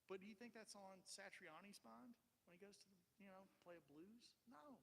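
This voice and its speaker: Chatty guitarist in a reverberant shop. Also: male voice, sits high, moderate pace, vocal fry, fairly bright tone, a little hiss or hum. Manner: chatty, encouraging, full of fillers. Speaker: guitar clinician. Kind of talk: casual live clinic talk.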